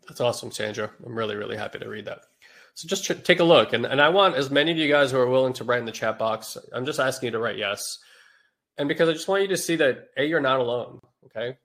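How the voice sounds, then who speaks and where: A man's voice: medium pitch, animated, fast, a bit bright. Casual nasal-voiced male podcast host. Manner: rambling, informal, with frequent fillers. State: nasal from a cold. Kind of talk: casual live-stream talk to a chat audience.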